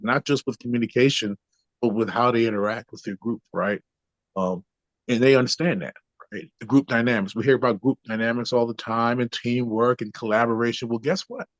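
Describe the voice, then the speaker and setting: Here a man of medium pitch explains ideas in a chatty way as a trainer guesting on a podcast, checking in often by adding "right?". It's a dull lo-fi recording, dry with no room sound.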